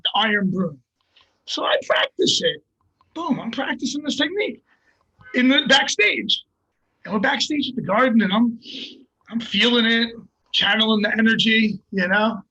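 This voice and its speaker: An older man tells a story with animated, profane energy. His voice sits high and bright, with a husky edge to it. He talks in loose, chatty bursts. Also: normal speed, dull audio. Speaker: guest fighter. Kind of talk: casual storytelling.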